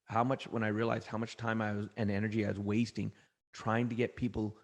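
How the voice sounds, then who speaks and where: A middle-aged man from Canada, a trainer telling energetic motivational stories as an interview guest, often restarting phrases. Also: fairly low pitch, fairly quick. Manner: energetic, anecdotal, frequent restarts. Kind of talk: motivational storytelling.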